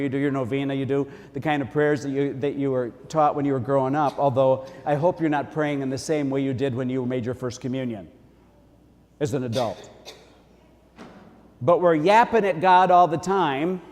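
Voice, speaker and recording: A man preaching a sermon as a priest, in a folksy, conversational way. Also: fairly high pitch. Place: church. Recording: long church reverb.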